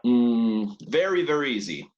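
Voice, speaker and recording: A man's voice: medium pitch, sing-song, unhurried, highs cut off. A man teaching an English class who praises students often, repeats their answers and switches between English and Spanish.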